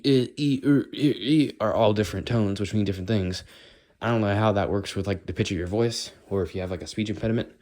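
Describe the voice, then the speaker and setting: An American vlogger rambles casually in a walk-and-talk monologue, musing as he goes and doing playful accent impressions. His voice is lowish with a darkish tone.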